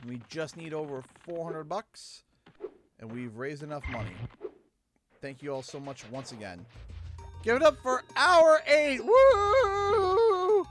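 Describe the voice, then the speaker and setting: A Canadian man chats with his stream audience, his pitch swinging up and down as he tells a story and acts out the quotes. He sits at middle pitch. Game music plays clearly underneath. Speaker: livestream host. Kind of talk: casual livestream chat.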